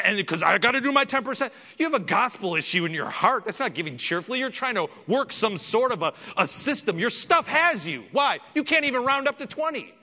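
A man's voice: high-pitched, pushed and bright. A man preaching a sermon as pastor in a church sanctuary, emphatic and full of rhetorical questions. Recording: long reverb in a large hall.

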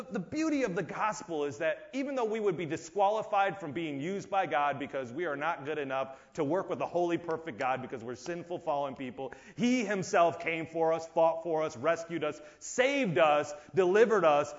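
Male preacher, high register, lively sermon delivery, dull lo-fi recording. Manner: animated, acts out voices, rises and drops in volume. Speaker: pastor. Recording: dull lo-fi sound.

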